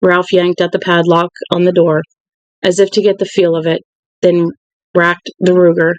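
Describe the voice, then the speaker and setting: An audiobook reader narrating a novel in an even, unhurried way, with a middle pitch. The recording is dry and close, with no room sound. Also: no room sound, lo-fi sound. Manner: even, unhurried reading with occasional restarts. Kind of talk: reading a novel aloud.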